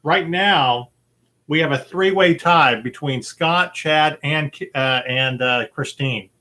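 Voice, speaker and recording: A man's voice: fairly high pitch, slow pace, pushed and bright, slight background noise. A man hosting a casual podcast movie quiz, upbeat and chatty, laughing easily. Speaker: quiz host.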